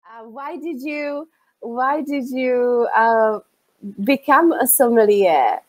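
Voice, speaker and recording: Casting: bright high-pitched woman host, chatty, speaks to her audience. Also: takes it slowly. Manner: lively, chatty, addresses viewers directly. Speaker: interview host, English teacher. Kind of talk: casual interview.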